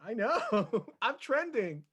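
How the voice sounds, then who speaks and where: A man's voice: very high voice, sing-song, slow, fairly bright tone. A man co-hosting a live stream, joking in a laid-back way and chuckling as he talks. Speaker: streamer co-host. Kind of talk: casual chat on a live stream.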